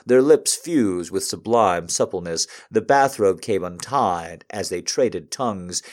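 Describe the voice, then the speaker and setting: A man reading a romantic story aloud to an audience in a calm, measured way with soft pauses. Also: lowish voice.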